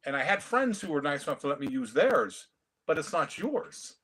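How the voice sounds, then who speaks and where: Man, 50s, animated storyteller on a video call, slightly high voice. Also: normal speed, over a noisy crowd. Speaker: comic collector guest. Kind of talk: casual chat.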